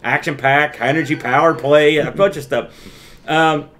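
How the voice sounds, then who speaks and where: A man co-hosting a retro gaming podcast in casual chat, animated and jokey, acting out his own reactions. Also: fairly high pitch, measured pace. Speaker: podcast co-host.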